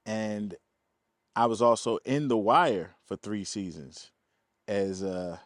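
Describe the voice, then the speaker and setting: Man from telling lively stories. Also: on the low side, takes it slowly, dry recording, clean studio sound. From East Baltimore, USA. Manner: animated, acts out quoted voices, laughs often. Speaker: film producer, guest. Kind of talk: casual interview storytelling.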